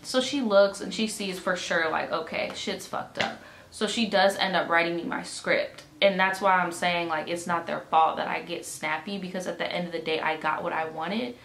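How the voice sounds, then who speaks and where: Young woman vlogger, profane and exasperated, jaw in pain, slightly low voice, echoey home room with faint background hiss. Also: normal speed, vocal fry. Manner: exasperated, profane, animated retelling with quoted dialogue. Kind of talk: casual storytime vlog. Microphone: camera mic.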